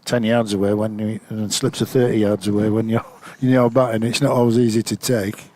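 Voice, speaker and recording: A man's voice: fairly low pitch, little pitch movement, brisk, a little mellow. An older man, a former player reminiscing in a rambling, anecdotal way with many fillers. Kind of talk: reminiscing commentary chat.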